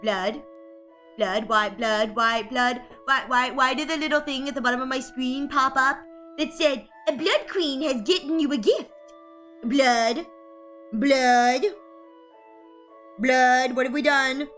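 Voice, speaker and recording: A woman's voice: high-pitched, slow pace, a bit bright, soft background music. A young woman chatting casually on a live art stream, giggly and playfully anxious as she talks to her chat.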